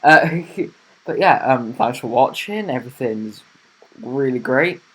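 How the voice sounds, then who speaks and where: A man's voice: mid-range voice, expressive, slow, fairly bright tone, husky. A young man hosting a casual car review vlog, talking in a rambling, chatty way with plenty of fillers.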